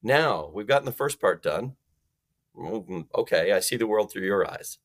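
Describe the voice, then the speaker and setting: A man's voice: lowish voice, lively intonation, normal speed. A man talking as a guest expert on a sales podcast. He explains things emphatically and acts out phone calls in different voices.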